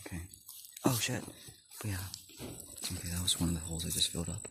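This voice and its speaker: A man in a casual vlog, rambling with many fillers, laughing often and drifting between loud and murmured talk. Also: sits low, fast, creaky. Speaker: vlogger. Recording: background noise.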